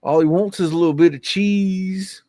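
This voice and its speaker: A man's voice: sits high, fairly even intonation, normal speed, mellow, no echo. A man hosting a live stream, musing in a folksy, casual way as he comments on old photos. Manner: folksy, drawling, musing aloud.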